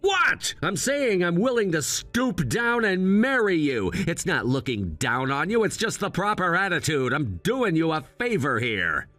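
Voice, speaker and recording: A man's voice: fairly high pitch, sing-song, unhurried, few pauses, a bit bright, dry recording. A man voicing an arrogant, condescending young fiancé in a text-to-speech story. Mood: scornful. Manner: contemptuous, condescending. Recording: dry synthetic voice over music.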